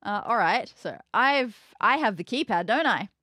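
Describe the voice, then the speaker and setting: A woman's voice: a little high, expressive, moderate pace, sharp tone, dry recording, clean studio sound. A woman playing a tabletop game, talking through her moves in a methodical, wry way. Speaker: player.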